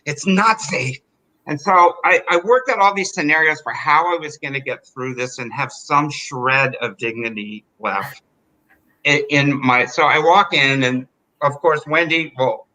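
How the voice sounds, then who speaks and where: A man telling a personal story in an animated, chatty way, full of fillers. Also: fairly high pitch, unhurried, low-quality recording. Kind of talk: live storytelling.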